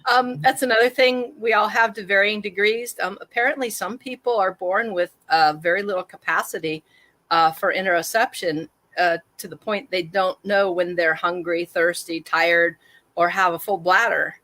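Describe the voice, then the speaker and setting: A woman's voice: mid-range voice, steady tone, normal speed, sharp tone, no echo. A woman speaking as a guest on a conversation podcast, candid and self-deprecating, laughing easily at herself. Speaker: guest, trauma awareness activist. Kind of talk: reflective conversational talk.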